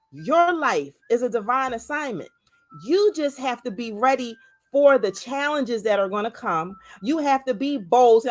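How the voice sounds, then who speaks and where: Fervent woman hosting a faith livestream. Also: fairly high pitch. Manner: exhorting, repeats words, calls out viewers by name. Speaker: livestream host. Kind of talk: motivational livestream talk.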